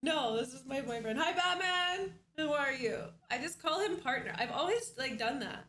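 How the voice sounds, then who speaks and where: A chatty young woman hosts her live stream from home, greeting viewers by name and laughing often. Her voice sits high and light. A faint hiss runs under the desk mic. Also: animated, normal speed, pushed and bright. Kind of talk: casual live-stream chat.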